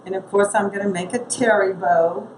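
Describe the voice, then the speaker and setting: A woman with a gravelly, medium-pitched voice talks her way through a casual craft demonstration, keeping a steady tone and moderate pace. She's chatty and thinks aloud as she works. The recording comes from an echoey, noisy room.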